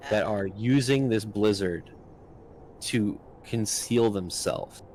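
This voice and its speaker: A man's voice: lowish voice, slow, darkish tone, a little hiss or hum, rough recording. A man narrating as game master of a tabletop game, casual with frequent ums and likes.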